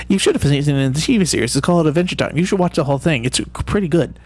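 A man's voice: medium pitch, expressive, quick pace. A man giving playful, rambling gameplay commentary, tossing jokey mock-sinister asides at game characters. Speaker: gaming video creator.

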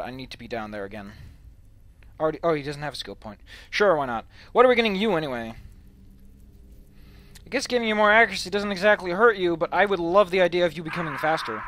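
A man's voice: a little high, fairly quick, long pauses, a bit bright, a little hiss or hum. A man from the Netherlands, rambling and swearing goofily as he comments on his gameplay. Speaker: let's play host.

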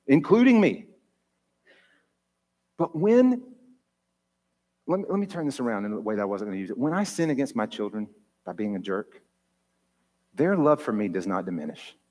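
A man's voice: on the low side, darkish tone, slightly rough. A man pastor preaching an earnest, personal sermon, his voice rising with feeling at its peaks. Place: church sanctuary. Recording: long church hall reverb.

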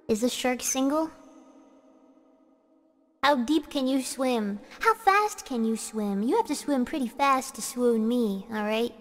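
Bubbly high-voiced woman streamer with long reverb. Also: expressive, a little slow. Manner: playful, hammy, squealing outbursts. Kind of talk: playful livestream chat.

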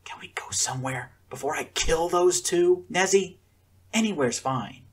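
A man's voice: fairly high pitch, sing-song, normal speed, slightly rough, voice pushed up. A man doing a blunt, defiant teen girl. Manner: blunt, sardonic.

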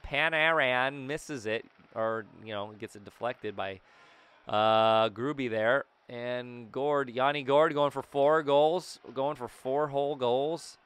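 Excitable young man with a crisp voice. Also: medium pitch, slow pace. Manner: excitable, jokey, frequent loud outbursts. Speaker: gaming YouTuber. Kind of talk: casual gameplay commentary.

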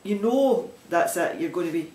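High-pitched with lively intonation and a darkish tone, this Glaswegian knitting podcaster from Scotland chats at a moderate pace in his casual vlog. He rambles and often begins sentences over, and the room echoes noticeably.

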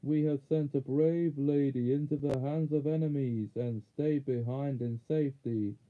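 A man's voice: medium pitch, fairly even intonation, normal speed, close to an everyday voice. Grave young prince, man doing him, formal and solemn, storybook reading. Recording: narrow phone-like sound.

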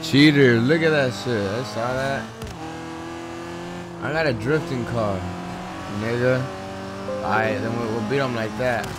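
A man's voice: medium pitch, a little slow, long pauses, over loud music. A young man giving casual gameplay commentary, joking around and trash-talking with plenty of swearing. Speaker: gamer.

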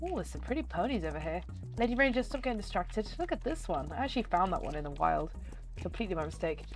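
A woman chatting excitedly through gameplay commentary, her voice nasal and slightly hoarse. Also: on the low side, quick pace, soft background music. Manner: chatty and excitable, talking to viewers. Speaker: gaming channel host.

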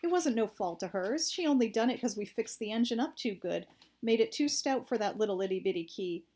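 A woman voicing an excitable, folksy young country man who talks in a rustic drawl. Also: on the high side, a little fast. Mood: aggrieved.

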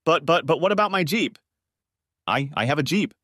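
A man's voice: expressive, normal speed, a bit bright, no room sound, studio quality. A man voicing a flustered, pleading young wife who stammers when caught. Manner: higher, stammering, tearful pleading.

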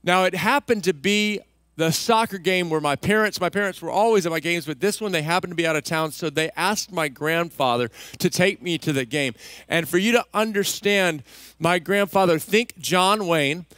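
A male pastor from Texas preaching a sermon, telling a story with lively delivery and acting out the voices of people in it. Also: high-pitched, moderate pace, dry recording. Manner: animated, acts out voices in his stories. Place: church stage.

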